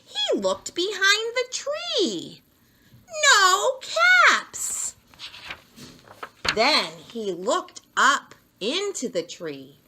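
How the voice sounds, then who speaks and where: A woman reading a children's picture book aloud with a very expressive, sing-song delivery. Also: high-pitched, slow pace, few pauses, heavy background noise. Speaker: storyteller. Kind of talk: children's story read-aloud.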